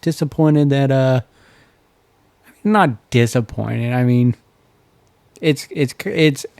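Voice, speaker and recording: Podcast co-host, man, mid pitch, clean smooth voice, dry close mic, excited chat with restarts. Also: no room sound. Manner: easygoing, halting restarts, enthusiastic. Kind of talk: casual wrestling chat.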